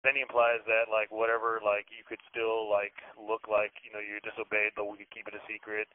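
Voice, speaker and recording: A man's voice: fairly low pitch, monotone, a little fast. A man telling a long story in casual, rambling talk, swearing often and acting out what others said. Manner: rambling, swears a lot, acts out quotes. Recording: tinny phone-like audio.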